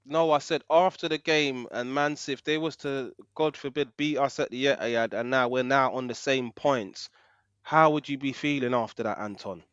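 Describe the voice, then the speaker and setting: A man's voice: mid-range voice, normal speed, fairly bright tone, clean tone, no room sound, muffled recording. A man co-hosting a casual football talk show, teasing his co-host with pointed questions. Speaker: podcast co-host.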